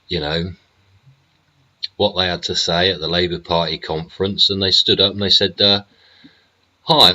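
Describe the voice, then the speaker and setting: A man's voice: sits low, pushed and bright, dull audio. Sweary ranting man. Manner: angry, swears constantly, rhetorical tag questions. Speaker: host. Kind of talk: ranting political monologue.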